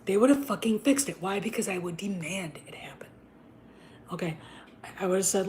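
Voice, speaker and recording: A woman host delivers an unscripted, profane rant at a mid pitch. She repeats herself for emphasis. She swings between a breathy unvoiced whisper and sudden loud bursts. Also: a little fast, a little hiss or hum. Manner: drops to an unvoiced whisper and back. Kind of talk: ranting casual commentary.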